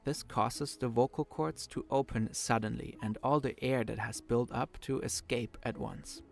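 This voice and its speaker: A man from Germany with a German accent, narrating a scripted explainer in a clear, measured way. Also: medium pitch.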